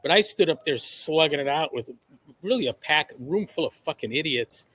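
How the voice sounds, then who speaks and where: A man's voice: fairly high pitch, lively intonation, moderate pace, sharp tone, breathy edge. A man speaking as a podcast guest in a blunt, emphatic way, swearing freely. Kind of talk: conversational interview.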